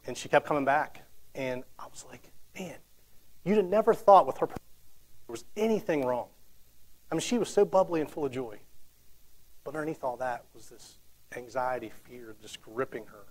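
A man's voice: mid-range voice, normal speed, long pauses, low-quality recording. A man in his thirties giving a casual, conversational sermon, telling stories with frequent restarts and fillers. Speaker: preacher.

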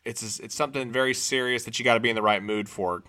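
A man chats about film trailers with a co-host, casual and a bit meandering. His voice has a bright edge, and he talks his way toward his points as he goes. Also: medium pitch, steady tone, quick pace. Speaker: podcast co-host. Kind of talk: casual movie chat.

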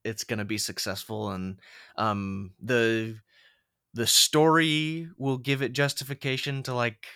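A young man co-hosts a podcast in a loose, chatty way, full of "like" and false starts. His voice is bright and forward. The sound is dry and close, with little room around it. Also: medium pitch, steady tone, measured pace, smooth, dry recording. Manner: chatty, many fillers and restarts. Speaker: podcast co-host. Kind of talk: casual chat.

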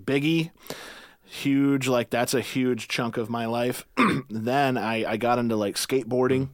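A man's voice: mid-range voice, steady tone, unhurried, no echo, clean studio sound. A man from Michigan, a guest musician chatting casually on a podcast, rambling with lots of fillers and restarts. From Michigan, USA.

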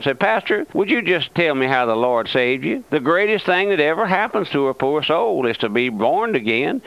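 A man's voice: on the high side, smooth, no echo. An older man preaching a fervent sermon on the radio, pleading with listeners through rhetorical questions. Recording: dull lo-fi radio broadcast.

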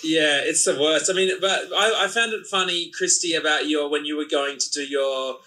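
A woman, telling animated stories in a casual chat and often restarting her words. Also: low-pitched, moderate pace, low-quality recording. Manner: animated storytelling with repeated restarts.

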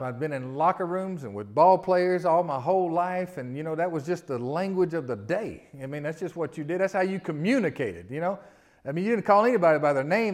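Middle-aged male preacher, slightly high voice, swings from loud emphasis to quiet storytelling. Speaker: pastor. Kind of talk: sermon.

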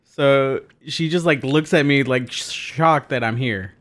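A man's voice: mid-range voice, measured pace, fairly bright tone. A man co-hosting a podcast, telling an anecdote in a rambling way with lots of fillers. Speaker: podcast co-host. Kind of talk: casual storytelling chat.

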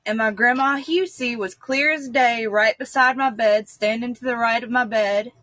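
A woman, a guest, tells a personal story in an earnest, meandering way, leaning on "like" as she goes. Her voice sits somewhat high. The sound is dry and close, with no room around it. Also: moderate pace, fairly bright tone, dry recording. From North Carolina, US. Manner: earnest, rambling with frequent "like".

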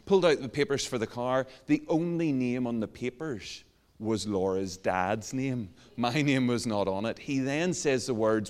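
An Irish man preaching a sermon, telling a self-mocking story in a lively way. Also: mid-range voice, measured pace. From Ireland. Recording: long hall reverb.

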